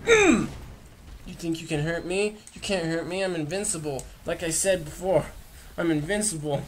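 A woman's voice: fairly low pitch, expressive, normal speed, a little hiss or hum. A woman playing a video game and chatting casually, playful and goofy, talking back at the game. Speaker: gamer. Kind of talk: casual let's play commentary.

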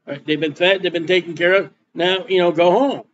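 A man delivers a sermon in a folksy, plainspoken way, doubling back over his words as he reads scripture and explains it. His voice sits fairly high for a man. The recording is slightly dull, with a faint hiss underneath. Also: fairly even intonation, fairly quick. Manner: folksy preaching with repeated words and Bible reading. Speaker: pastor.

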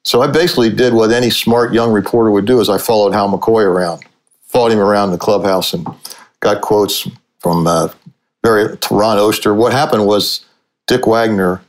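A man's voice: lowish voice, moderate pace. A man in his sixties from Cincinnati, a sportswriter guest telling stories in a casual, chuckling way. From Cincinnati, USA. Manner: chuckling, animated storyteller. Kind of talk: casual anecdotal storytelling.

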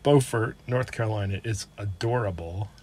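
A man with a low, husky voice trades casual remarks with his co-host. He is laid-back and laughs often while he talks. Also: normal speed, a little mellow. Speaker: co-host reviewing breweries. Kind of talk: casual chat.

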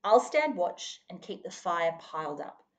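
A woman's voice: lowish voice, sing-song, unhurried. A woman voicing a pioneer father who sounds brave and reassuring, forcing cheer.

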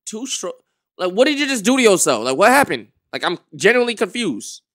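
A man streaming a reaction, talking to his chat in an animated way, dropping to a mumble and then getting loud. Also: high-pitched, brisk. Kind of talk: livestream reaction commentary.

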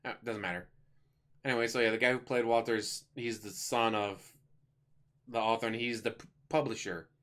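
A man's voice: medium pitch, fairly even intonation, normal speed, pauses often, a bit bright. A man giving a casual spoken movie review, chatty and rambling, with offhand jokes as he retells the plot.

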